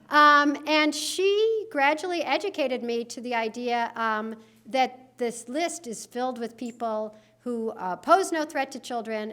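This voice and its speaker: Animated, sarcastic middle-aged woman speaker. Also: on the high side. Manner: animated, sarcastic, laughs at own jokes. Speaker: conference speaker. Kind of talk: conference talk. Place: conference hall.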